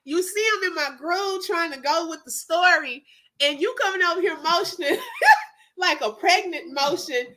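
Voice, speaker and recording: A woman's voice: extremely high pitch, normal speed. A woman, hosting a casual live chat and telling a story with frequent laughter. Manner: laughs often, animated storytelling, talks to chat. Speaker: livestream host.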